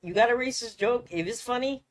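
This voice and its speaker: A man's voice: very high-pitched, fairly quick. A young man co-hosting a podcast, telling stories in a loose, swearing, self-mocking way. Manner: animated, swearing storyteller, laughs at himself. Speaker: podcast co-host. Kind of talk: casual chat.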